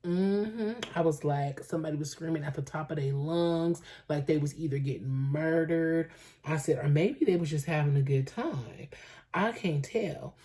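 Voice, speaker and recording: Casting: young woman, low warm voice, AAVE, chatty storytime vlogger. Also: moderate pace. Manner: animated gossipy storytelling, acts out quotes. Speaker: beauty vlogger. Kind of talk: casual storytime chat. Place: home, indoors.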